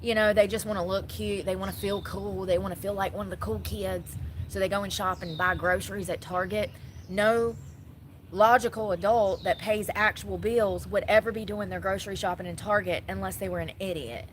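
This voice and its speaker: A woman's voice: mid-range voice, steady tone, normal speed, slight background noise. A woman giving blunt, sassy casual commentary, laughing often.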